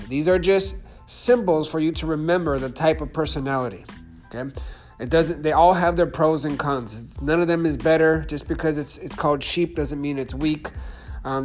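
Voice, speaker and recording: A man teaching a lesson on persuasion and sales. He talks in a loose, repetitive way and keeps checking in with "okay?" and "right?". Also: a little high. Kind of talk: instructional talk.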